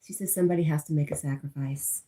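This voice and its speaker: A congested woman hosting a casual livestream, chatting and reading viewer comments aloud, often dropping to a soft whisper. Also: sits low, fairly even intonation, fast. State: congested from allergies. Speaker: livestream host.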